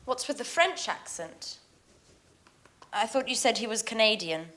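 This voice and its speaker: A wry, teasing friend. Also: female voice, fairly high pitch, expressive, a little slow, a bit bright. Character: dry, teasing female friend, young adult. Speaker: Anne, friend in a learning sitcom. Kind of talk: scripted sitcom acting for learners.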